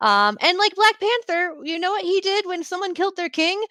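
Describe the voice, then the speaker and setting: A woman's voice: very high-pitched, animated, fairly quick, pushed and bright, no room sound. A woman co-hosting a podcast, casually retelling scenes with quoted lines and lots of fillers. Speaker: podcast co-host. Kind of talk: casual TV recap chat.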